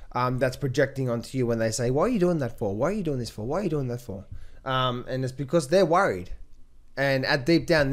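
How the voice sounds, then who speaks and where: A man speaking casually to the camera as a trading coach. He talks in an energetic, motivational way, with frequent restarts and repetition. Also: mid-range voice. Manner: rambling, repetitive, lots of fillers and restarts.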